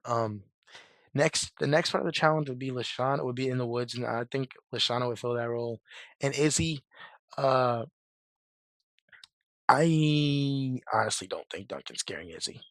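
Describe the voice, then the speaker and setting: Hoarse young man rambling casually. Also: mid-range voice, normal speed, pauses often, fairly bright tone, no echo. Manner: rambling, lots of "like" and restarts, slangy. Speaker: fan commentator. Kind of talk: casual commentary.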